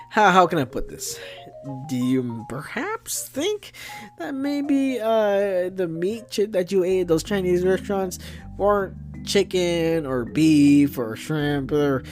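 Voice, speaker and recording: A man's voice: on the high side, a little mellow. A man hosting a late-night comedy podcast, chatting with hesitant, laughing delivery. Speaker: podcast host. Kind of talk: comedic skit chat.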